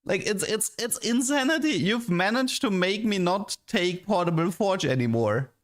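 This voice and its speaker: This man's voice sits high with lively intonation at a normal speed. He's a game streamer giving casual livestream commentary, ranting with exasperation and constantly restarting his sentences and saying "like."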